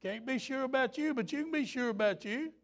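Fervent high-voiced preacher man. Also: fairly quick. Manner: fervent, folksy, rising to shouts. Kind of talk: revival sermon.

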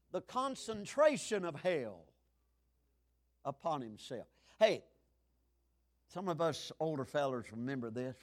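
A man in his seventies preaching a fiery sermon, swinging from shouts to hushed tones. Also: on the high side, sing-song, measured pace, long pauses. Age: 70s.

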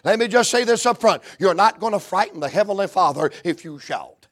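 A man with a Southern US accent preaching a fervent revival sermon in a church, moving from hushed talk to shouts. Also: sits high, animated, brisk, no echo.

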